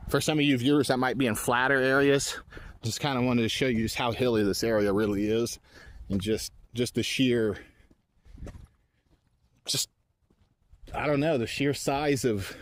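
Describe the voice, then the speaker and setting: A man's voice: medium pitch, slight background noise. A man vlogging outdoors on his phone while climbing a steep hill, out of breath, rambling and poking fun at himself. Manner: rambling, self-deprecating, trailing restarts. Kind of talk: casual outdoor vlog narration. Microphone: handheld phone.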